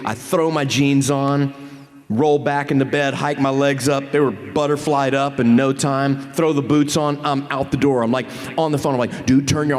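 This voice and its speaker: A man's voice: medium pitch, big-room sound. A man on a convention panel stage, telling a comic story full of swearing and stammered restarts. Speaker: actor on a fan convention panel.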